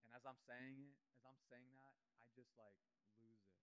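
A man's voice: medium pitch, flat delivery, moderate pace, few pauses, a bit bright, smooth, no echo, lo-fi sound. A man, a youth pastor, preaching a conversational and emotional testimony sermon with plenty of fillers.

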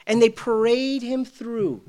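A middle-aged man preaching a sermon, swinging between loud bursts and hushed lines, with self-deprecating humor. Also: very high-pitched, steady tone, slow pace. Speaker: pastor.

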